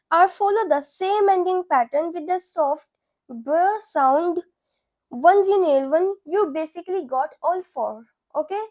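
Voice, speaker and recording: A woman's voice: very high-pitched, darkish tone. A young woman teaching a beginner French lesson, patient and repeating each word several times.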